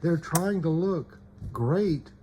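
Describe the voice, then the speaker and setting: A man speaks in an unhurried, mellow voice while he shows off cards at home. He keeps checking in with "okay?" and leaves sentences unfinished. A faint hiss sits behind him. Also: on the high side, expressive. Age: adult parent. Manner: repeats "okay?" and trails off mid-sentence. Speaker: collector showing trading cards. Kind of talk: casual show-and-tell.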